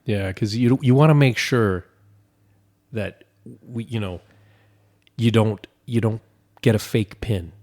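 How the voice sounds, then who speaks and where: A man's voice: lowish voice, slow, long pauses, darkish tone. A man co-hosting a podcast, bantering in casual chat, laughing often and acting out quotes. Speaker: podcast co-host.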